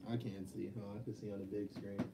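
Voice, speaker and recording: A man's voice: fairly low pitch, level tone, fast, vocal fry, reverberant, distant mic, over a noisy crowd, low-quality recording. A man selling merch who joins a casual live chat, with laid-back, joking banter.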